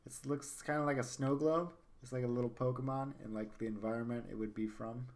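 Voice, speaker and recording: A man's voice: medium pitch, steady tone, fairly quick, a little mellow. A man hosting a casual podcast chat, rambling enthusiastically and repeating himself. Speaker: podcast host.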